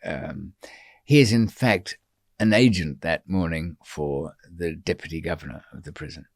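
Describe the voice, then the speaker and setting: Low-voiced man telling a rambling story. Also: normal speed, gravelly, dry recording, clean studio sound. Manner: rambling and digressive, many ums, wry asides. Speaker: podcast guest. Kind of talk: storytelling in an interview.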